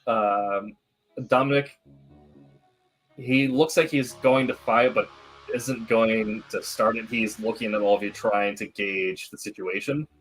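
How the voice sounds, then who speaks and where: A man's voice: on the low side, steady tone, unhurried, faint music behind, rough recording. A man running a tabletop role-playing game as game master, narrating and explaining the rules.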